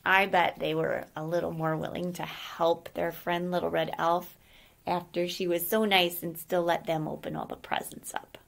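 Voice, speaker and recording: Woman, storyteller, gentle, slow, slightly gravelly voice. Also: lowish voice, level tone. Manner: gentle, asks the listener questions. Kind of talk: children's story read-aloud.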